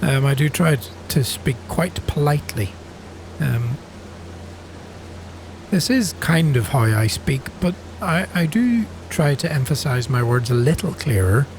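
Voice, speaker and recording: A middle-aged Northern Irish man with a softened accent, chatting casually and thinking aloud with plenty of ums as he commentates his own farming game. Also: mid-range voice, expressive, unhurried, noisy background. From Northern Ireland. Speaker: gaming channel host.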